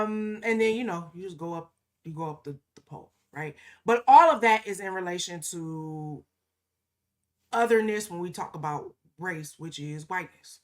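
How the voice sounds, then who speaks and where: A woman co-hosting a podcast in casual, emphatic conversation, often punctuating her points with "okay?" and slipping into mocking quoted asides. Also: on the low side. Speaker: podcast co-host.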